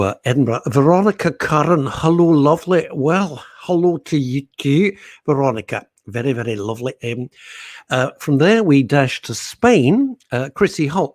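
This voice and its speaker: A man's voice: mid-range voice, no room sound. A middle-aged man, hosting live talk radio and reading out listener comments in a playful, teasing way. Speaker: radio show host.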